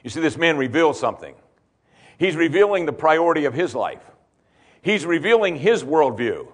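A man's voice: a little high, sing-song, moderate pace. A man preaching an expository sermon as a pastor, repeating key points and asking rhetorical questions.

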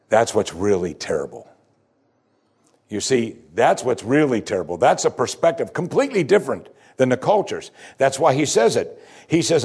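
A man's voice: medium pitch, a little mellow, slightly rough. A man preaching a sermon, reading scripture aloud and explaining it with rising and falling emphasis. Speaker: pastor.

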